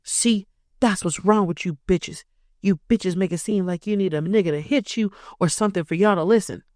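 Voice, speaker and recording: A woman's voice: mid-range voice, normal speed, darkish tone, no echo, studio quality, close to an everyday voice. A woman voicing a crude, angry young man who hurls contemptuous insults. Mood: hostile. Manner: coarse, contemptuous outburst.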